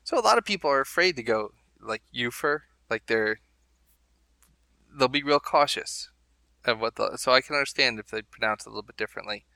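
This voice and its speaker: A man talks through a loose, rambling podcast chat with amused asides. His voice is very bright and forward, recorded completely dry with no room sound, at an ordinary pitch. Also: expressive, a little fast, gravelly, no echo. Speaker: podcast co-host. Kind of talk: casual chat.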